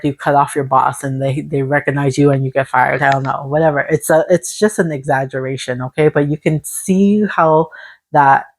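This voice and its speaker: A woman giving a casual spiritual tarot reading to her viewers. She sounds encouraging and speaks in long, repetitive lists. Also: low voice. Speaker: tarot reader.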